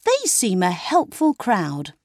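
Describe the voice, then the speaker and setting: A woman's voice: mid-range voice, huge pitch swings, slow, a little mellow, no echo, studio quality, exaggerated voice. A woman reading a storybook aloud and voicing a pompous, wordy young man. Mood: airy.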